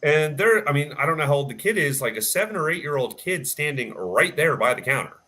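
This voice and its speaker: A man who works as a firearms instructor, telling a story in a casual, animated way with plenty of fillers. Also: on the high side, a little fast. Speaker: firearms instructor and range staff. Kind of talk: casual storytelling on a live chat.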